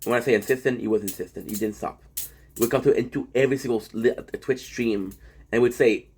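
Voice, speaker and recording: A man streamer talking in a casual vlog monologue, rambling and profane, telling stories in an animated way. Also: on the low side, fast, breathy edge.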